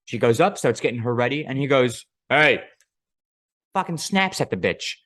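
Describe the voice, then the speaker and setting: Podcast guy rambling through a story, lots of swearing, laughs along, normal pitch. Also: a little fast, no room sound, studio quality. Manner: profane, rambling, animated storyteller. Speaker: podcast co-host. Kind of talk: casual storytelling chat.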